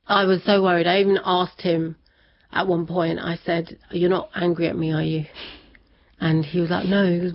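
Woman telling her story, laughs a lot, kinda low voice, muffled lo-fi sound. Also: little pitch movement, normal speed. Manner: chatty, laughs often, acts out quoted voices. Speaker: interview guest. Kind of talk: personal storytelling in conversation. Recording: dull lo-fi sound.

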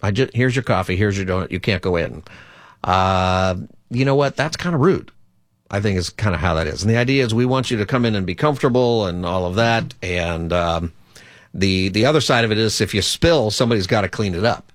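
A man hosts a call-in radio show as a pastor, chatting loosely with plenty of fillers. His voice sits on the low side and sounds close and dry in a studio. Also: animated, fairly quick, no echo. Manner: chatty, conversational, rambling with fillers.

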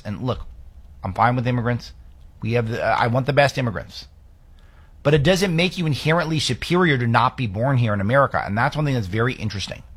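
Male talk host, emphatic, sarcastic, mid-pitched, opinion monologue. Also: a bit bright. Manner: emphatic, sarcastic rhetorical questions. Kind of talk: political commentary monologue.

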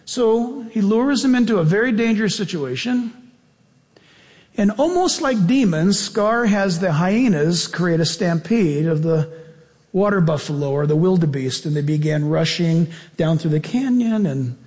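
Male pastor preaching, high voice, measured slow delivery, earnest. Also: lively intonation, darkish tone. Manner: earnest, exhorting, drawn-out phrasing. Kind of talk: sermon with closing prayer. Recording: long reverb, faint music.

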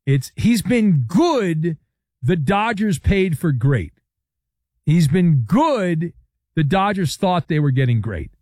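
A man hosting a sports radio show, talking baseball and doing a live-read ad in an animated, emphatic way. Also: mid-range voice, dry recording, clean studio sound. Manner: animated, emphatic, sometimes yelling.

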